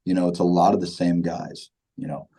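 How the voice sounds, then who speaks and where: Very deep, dark-voiced laid-back musician. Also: male voice, level tone, fairly quick, rough recording. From Michigan, USA. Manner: laid-back, many fillers and repeats, says "man" often. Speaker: band vocalist, guest. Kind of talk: casual interview chat.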